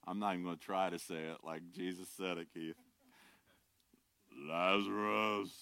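An older man preaching a sermon. He is animated and swings between loud, impassioned lines and quiet, wry asides. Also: deep voice, fast talker, dry recording. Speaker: pastor.

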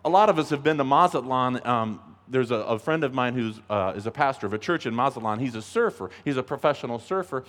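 A man preaching a sermon as a pastor, emphatic and animated, acting out the voices he quotes. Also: fast talker, few pauses. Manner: emphatic, acts out quoted voices, rises in pitch when pleading. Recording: long reverb of a large hall.

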